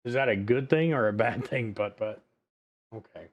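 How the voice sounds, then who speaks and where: A man's voice: lowish voice, normal speed, highs cut off. A male streamer in casual livestream chat, rambling, loose and profane.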